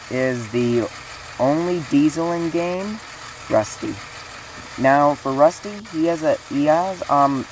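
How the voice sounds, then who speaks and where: A woman with an extremely low voice runs through a fan casting call in a loose, casual way. She rambles, uses many fillers and often restarts her sentences. A steady hiss sits in the background. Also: poor audio. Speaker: fan series creator running a casting call. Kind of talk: casual spoken announcement.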